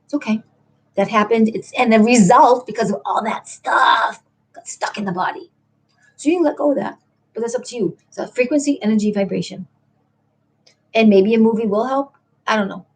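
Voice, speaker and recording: A woman's voice: fairly high pitch, normal speed, pauses often, husky. Chatty woman rambling on a late stream. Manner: meandering, talks to chat viewers, soft and chatty. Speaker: livestream host. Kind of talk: rambling late-night livestream chat.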